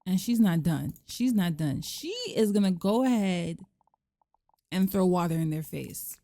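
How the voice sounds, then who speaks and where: A woman gives casual let's play commentary, animated and sassy, slipping into her characters' lines as she goes. Her voice sits mid-range with a mellow, relaxed warmth. The sound is close and dry, with little room around it. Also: lowish voice, a little slow, dry recording.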